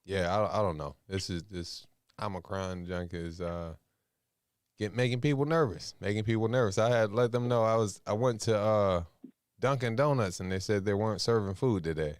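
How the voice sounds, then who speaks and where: A man with a lowish voice hosts a call-in podcast, chatting loosely with plenty of slang. The sound is dry and close, with no room around it. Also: moderate pace, smooth, no echo. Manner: relaxed, rambling, slangy. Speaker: podcast host. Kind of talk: casual call-in chat.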